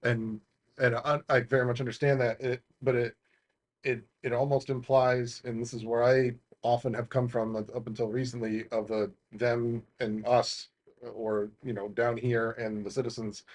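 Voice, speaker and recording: A man, a commission member, speaking at a public meeting in a halting, reflective way, with many restarts. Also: medium pitch, level tone.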